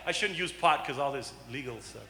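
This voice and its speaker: A man's voice: mid-range voice, expressive, brisk, vocal fry, noisy background. A middle-aged male pastor preaching a sermon, joking with the congregation and acting out the voices he quotes. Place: church sanctuary. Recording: echoey church hall.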